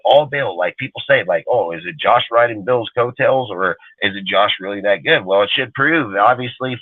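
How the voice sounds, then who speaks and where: A man's voice: lowish voice, no echo. Male sports talk host, heated and profane, dry tinny phone-quality audio. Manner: profane, emphatic, ranting.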